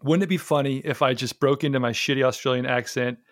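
A man hosts a loose, chatty conversation, swearing freely and mocking himself. His voice sits at a middle pitch and is recorded dry and close, with no room sound. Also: steady tone, fast, no room sound. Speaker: podcast host. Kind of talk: casual chat.

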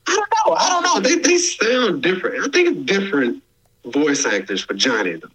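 An animated man co-hosts a podcast, rambling along with restarts. His voice is bright and a little high, and it leaps up and down lively. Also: a little fast, breathy edge, rough recording. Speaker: podcast co-host. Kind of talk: casual chat.

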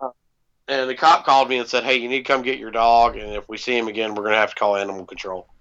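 Man, gravelly voice, casual podcast storytelling, lots of ums, swears, muffled lo-fi sound. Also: medium pitch, little pitch movement, quick pace, a bit bright. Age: adult parent. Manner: laid-back, swears freely, many ums. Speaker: podcast co-host. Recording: dull lo-fi podcast audio.

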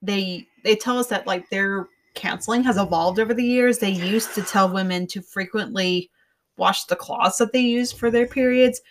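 A woman co-hosting a podcast in casual chat, summarizing in a relaxed, wry way. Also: mid-range voice, moderate pace, slight background noise. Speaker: podcast co-host.

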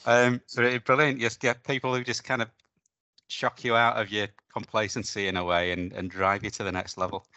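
A man's voice: lowish voice, flat delivery, normal speed, pushed and bright, no echo. A middle-aged man hosting a podcast interview, chatting easily and telling a story of his own. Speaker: podcast host. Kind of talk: conversational interview.

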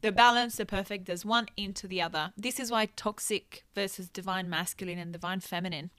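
A woman from Italy, chatting as a guest nutritionist in an animated, expressive way. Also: mid-range voice, fairly quick, smooth, dry recording. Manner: animated, expressive, laughs readily. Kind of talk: casual podcast chat.

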